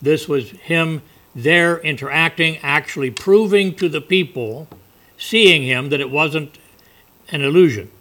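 Male preacher, folksy sermon delivery, bright and a little high. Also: measured pace. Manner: folksy, conversational preaching with asides.

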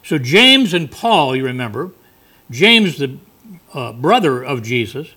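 A man's voice: medium pitch, big pitch swings, a little slow, bright, forceful tone. A male preacher giving a folksy, conversational sermon with asides.

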